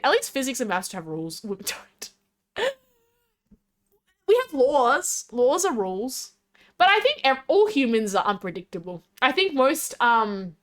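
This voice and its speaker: A woman's voice: on the high side, a bit bright. Giggly Australian woman streamer. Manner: rambling and giggly, reading chat aloud. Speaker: VTuber streamer. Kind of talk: casual live-stream chat.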